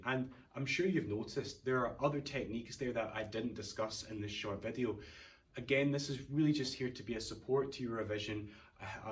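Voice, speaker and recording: A man with a Scottish accent, an English teacher, explaining a poem line by line in a recorded revision lesson, in an informal way with Scots words. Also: lowish voice.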